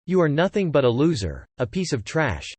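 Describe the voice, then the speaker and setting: A man voicing a scornful middle-aged mother in an audiobook, reading her sneering lines slowly in his own voice. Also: fairly high pitch, big pitch swings, a little mellow, slightly rough, no echo. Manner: sneering, slow and contemptuous.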